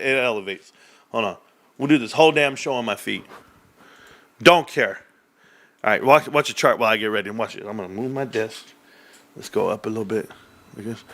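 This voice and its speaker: A man hosting a casual livestream chat from his home desk, animated, swearing and laughing often. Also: medium pitch. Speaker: livestream host.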